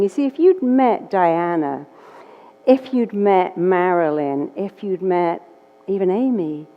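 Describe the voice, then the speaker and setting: Woman, hypnotherapist, lively storytelling, voices both sides, dull audio, long hall reverb. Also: medium pitch. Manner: animated, acts out both sides of a dialogue. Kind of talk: storytelling talk.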